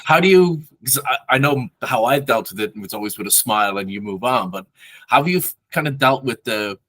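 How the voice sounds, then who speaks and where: A man's voice: mid-range voice, expressive, a little fast, a bit bright, no room sound. A man with a Dublin Irish accent hosting an interview, asking long, thoughtful questions and searching for the right words. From Ireland. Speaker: podcast host, interviewer. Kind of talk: casual interview conversation.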